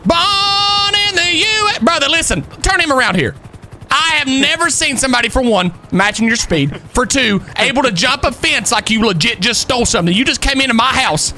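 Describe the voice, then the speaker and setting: Excitable high-voiced man role-playing a cop. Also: fairly quick, a little hiss or hum. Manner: excitable, shouts and laughs often, keeps calling people brother. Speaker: streamer playing a police officer. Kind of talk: live-streamed game role-play.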